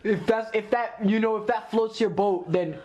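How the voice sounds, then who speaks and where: A man hosting a live anime reaction video, excitable, laughing often and talking straight to his viewers. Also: high voice, moderate pace, lo-fi sound.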